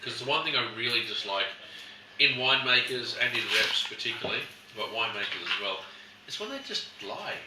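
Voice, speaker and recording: A man's voice: mid-range voice, expressive, fairly quick. A man presenting a casual wine tasting in a shop, telling stories and acting out customers. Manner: chatty storyteller, acts out customers. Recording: echoey room, mic at a distance, background noise.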